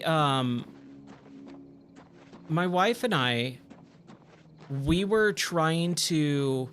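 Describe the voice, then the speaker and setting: A man's voice: medium pitch, fairly bright tone, a little hiss or hum. A man chatting casually on a gaming livestream, easily amazed and thanking viewers, with faint game music behind.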